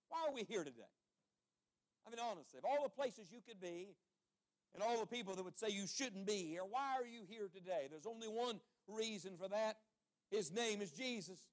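High-voiced man preaching with fervor. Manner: impassioned preaching, swinging from loud to hushed; rhetorical questions, calls for congregation response. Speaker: traveling evangelist preacher. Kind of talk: sermon.

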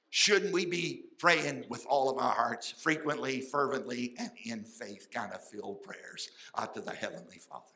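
A man preaching a sermon, folksy and fervent, swinging between loud outbursts and quiet asides. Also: medium pitch, animated, a little slow, poor audio. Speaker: pastor.

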